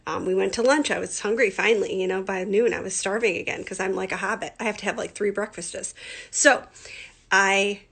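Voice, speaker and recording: Gravelly, husky-voiced woman teacher. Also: mid-range voice, brisk. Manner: chatty, animated, many fillers. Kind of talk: storytelling for a class. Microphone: computer mic on a screen recording.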